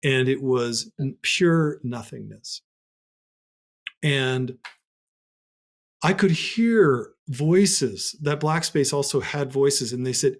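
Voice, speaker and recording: A man speaks as a podcast guest, recounting a personal experience in an earnest, reflective way. His voice sits at an ordinary pitch for a man and jumps high when he acts out a moment. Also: slow pace, pauses often. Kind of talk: personal storytelling in conversation.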